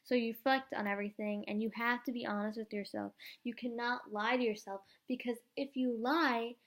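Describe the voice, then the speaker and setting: A young woman vlogging at home into a camera, hyped up and rambling, with many "like" fillers. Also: a little high. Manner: excitable, rambling, fast-talking with many "like" fillers. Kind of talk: hyped-up casual vlog.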